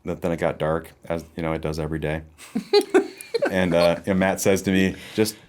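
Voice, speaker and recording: A man with a very deep voice co-hosts a casual podcast interview. He asks questions and keeps up a wry, joking banter. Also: fairly even intonation, a little fast, clear, resonant tone. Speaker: podcast co-host.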